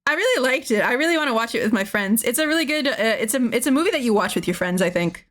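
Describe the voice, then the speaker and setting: A woman's voice: a little high, animated, normal speed, hardly any pauses, fairly bright tone. A woman streaming casually, rambling and laughing often as she draws and chats. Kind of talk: casual chat while drawing.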